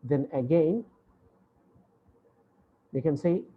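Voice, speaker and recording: A man's voice: a little high, animated, moderate pace, breathy edge, narrow, tinny audio. A male university English lecturer giving an online lecture, explaining patiently and repeating points with many hesitations. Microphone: video call.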